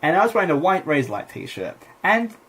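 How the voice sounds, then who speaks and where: A man's voice: sits high, big pitch swings, fairly quick, fairly bright tone. A young man, a comedian and podcast co-host, telling a rambling story with lots of fillers and laughter in casual chat.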